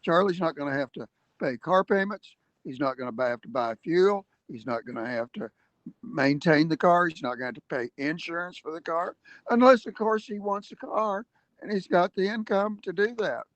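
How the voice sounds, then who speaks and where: A man's voice: on the high side, moderate pace, no room sound, lo-fi sound. A man giving an earnest livestream advocacy talk, explaining step by step with emphatic points and hesitant fillers. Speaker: activist speaker.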